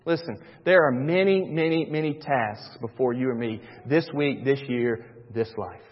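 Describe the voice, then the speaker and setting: Give me a pastor preaching emphatically, with a dull sound and a long church reverb. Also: male voice, medium pitch, moderate pace. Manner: emphatic preaching, swinging between loud and hushed. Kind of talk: sermon.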